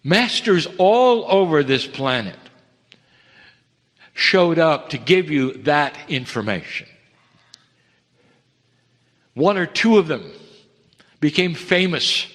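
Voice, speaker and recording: A man delivering a channeled spiritual message in slow, heartfelt, broken phrases, rising to emphatic lines and dropping to hushed ones. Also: animated. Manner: swings between raised emphatic lines and hushed low ones. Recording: long reverb of a large hall.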